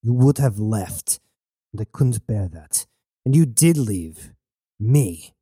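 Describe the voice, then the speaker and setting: A man voicing a brooding, hurt male space traveler who speaks in a subdued, low, quiet way in a radio drama. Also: expressive, slow, slightly rough, no room sound, studio quality, full character voice.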